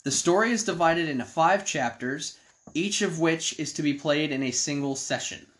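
A man's voice: on the high side, normal speed, fairly bright tone. A man reading a choose-your-own-adventure card game aloud to friends, breaking off for joking asides. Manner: joking asides between read passages. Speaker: game reader.

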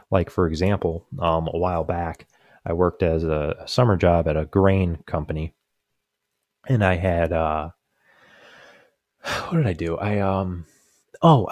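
Low and a little mellow, a young podcast co-host's voice carries casual, rambling stories filled with fillers and restarts. He often laughs at his own punchlines. There's no echo.

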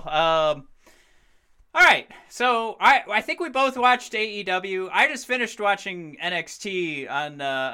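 This is a man in his thirties on a casual podcast, rambling and excitable, swearing freely as he talks. His voice is bright and clear and sits slightly high. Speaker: podcast co-host. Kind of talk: casual chat.

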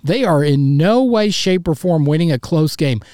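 A man's voice: a little high, expressive, normal speed, a little mellow, no room sound, clean studio sound. A man hosting a solo sports podcast, ranting in a fired-up, frustrated way and bluntly repeating himself for emphasis. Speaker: podcast host.

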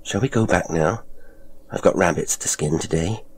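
A man voicing a curious, wary village woman who speaks in hushed, whispered tones in an audio horror story. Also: deep voice, normal speed, slight background noise, close to an everyday voice.

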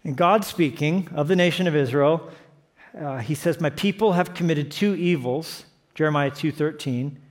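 A male pastor preaches a sermon at normal speed, his voice a bit higher than most men's. Impassioned, he swings between quiet, earnest moments and emphatic, rising exclamations that build to peaks.

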